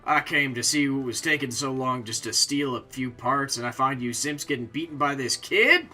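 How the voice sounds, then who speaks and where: A man voicing a gruff, rough-talking male villain boss with a put-on accent, during a live game playthrough. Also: fairly high pitch, big pitch swings, moderate pace, bright, forceful tone, faint music behind, full character voice. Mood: swaggering.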